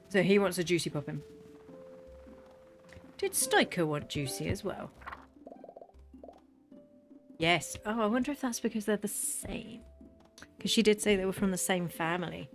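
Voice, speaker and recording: Chatty gamer grumbling at a game. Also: medium pitch. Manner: chatty, mock-furious outbursts, talks to game animals. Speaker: gaming channel host. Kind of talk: casual gameplay commentary.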